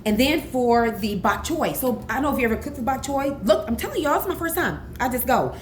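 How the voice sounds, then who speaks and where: A woman in her forties chats through a home cooking vlog, rambling into animated asides. Her voice sits a little high. The sound is echoey, with faint room noise behind her. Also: fairly quick. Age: 40s. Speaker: cooking vlogger. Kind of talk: casual cooking vlog chat. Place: home kitchen.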